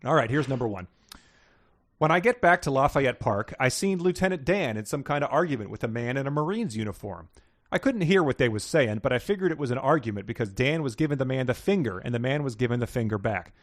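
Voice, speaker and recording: A man's voice: mid-range voice, expressive, fast, no echo, clean studio sound. A man co-hosting a comedy podcast, reading book passages aloud in a folksy Southern-style drawl and chuckling at them. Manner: reads in a folksy drawl, laughing at the text. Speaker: podcast co-host.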